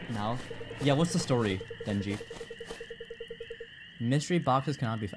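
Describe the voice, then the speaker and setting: A man's voice: medium pitch, expressive, slow pace, long pauses. A man streaming a game, chatting casually in a rambling, stammering, profane way. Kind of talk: casual live-stream chat. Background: game music.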